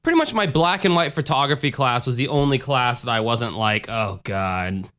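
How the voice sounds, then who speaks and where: A man's voice: mid-range voice, normal speed, fairly bright tone. A young man hosting a podcast, chatting loosely, joking around and swearing freely. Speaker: podcast host. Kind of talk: casual chat.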